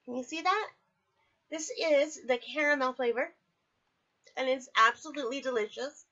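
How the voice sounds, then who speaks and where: Woman vlogger, fairly high voice, chatty and candid, recovering and sore, dull lo-fi home audio. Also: moderate pace, bright, forceful tone. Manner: chatty, candid, apologetic asides. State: recovering from surgery, in pain. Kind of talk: casual personal video diary. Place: at home, indoors.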